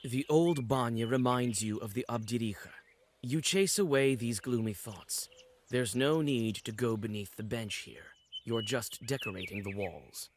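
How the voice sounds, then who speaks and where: A man reading scripted narration for a video game in a measured storytelling manner. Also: medium pitch, slight background noise, close to an everyday voice.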